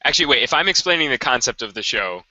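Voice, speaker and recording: A young man with a very bright, edgy tone talks in a loose, rambling way, correcting himself as he goes. The sound is close and dry, a little dull and lo-fi. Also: mid-range voice, expressive, fast talker, no room sound. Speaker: co-host. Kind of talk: casual unscripted planning chat.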